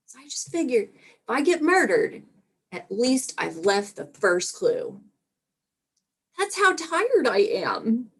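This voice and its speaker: Slow, wry woman doing stand-up. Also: fairly high pitch, very animated, slightly rough. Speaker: stand-up comedian. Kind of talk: stand-up comedy set.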